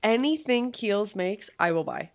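A woman's voice: medium pitch, lively intonation, unhurried. A young woman co-hosting a podcast, chatting casually, laughing often and swearing freely. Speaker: podcast co-host. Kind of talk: casual chat.

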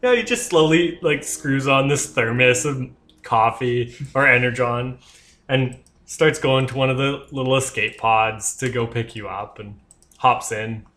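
A man narrating his character's actions in a tabletop game, loose, amused and halting. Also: mid-range voice, fairly bright tone. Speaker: player.

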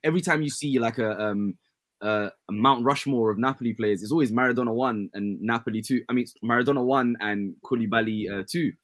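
A man, co-hosting a casual sports chat, earnest and relaxed, with many fillers. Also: medium pitch, brisk, no echo. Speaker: podcast co-host.

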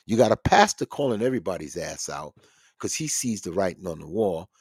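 A man's voice: sits low, fairly quick, breathy edge, no echo, studio quality. A man hosting a podcast, ranting in casual, profane commentary. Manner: animated, swearing, ranting. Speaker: podcast host.

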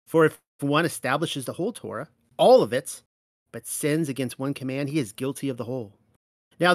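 A man reading scripture aloud and commenting on it as host of a Bible teaching show, slow and measured on the verses and fast and animated in between. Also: medium pitch, dry recording, clean studio sound.

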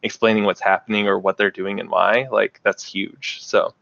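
A man's voice: fairly low pitch, level tone, normal speed, gravelly, fairly bright tone, no echo. A man chatting casually as a podcast guest, filling his talk with "like". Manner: chatty, lots of "like" fillers. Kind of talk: casual chat. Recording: dull, dry lo-fi audio.

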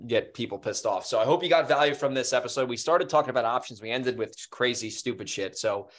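A man at a middle pitch, co-hosting a casual podcast. He tells stories with lively, swearing energy. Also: fast talker. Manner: animated, profane storytelling. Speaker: podcast co-host.

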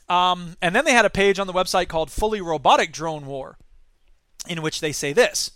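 A man's voice: high voice, fairly quick, a bit bright, no room sound. A man hosting a satirical news commentary show, reading stories aloud and ranting with sarcasm. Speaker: podcast host.

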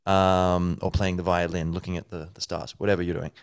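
A man's voice: low voice, flat delivery, a little fast, clear, resonant tone, dry recording, studio quality. A man hosting a podcast, thinking aloud in a rambling, playful way with many fillers. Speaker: podcast host. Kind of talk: casual solo talk.

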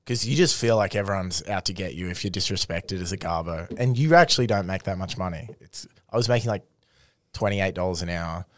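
A man's voice: low-pitched, fairly quick, dry recording. A young Australian man telling crude work stories in casual chat, laughing often and acting out the people in them. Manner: laughing, swearing, acts out voices in anecdotes.

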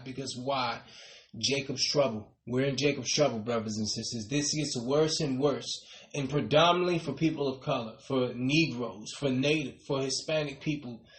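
A man preaching a sermon, rising emphatically on key points and dropping to a soft tail on "brothers and sisters". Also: medium pitch, roomy sound.

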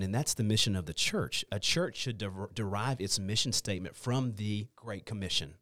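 A man's voice: lowish voice, expressive, moderate pace, few pauses, fairly bright tone, no room sound, studio quality. A man speaking as a podcast guest, earnest and emphatic as he talks about faith and mission. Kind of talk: casual conversation about faith.

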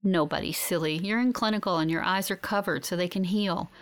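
A woman voicing a grieving older sister who speaks tearfully while trying to sound calm. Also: on the low side, a little fast, lightly acted. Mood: tearful, tender.

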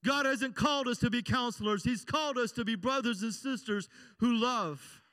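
A man's voice: extremely high pitch, normal speed, sharp tone, no echo. A middle-aged pastor, preaching conversationally and asking his congregation "amen?". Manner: conversational preaching, frequent call-and-response "amen?". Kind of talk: sermon.

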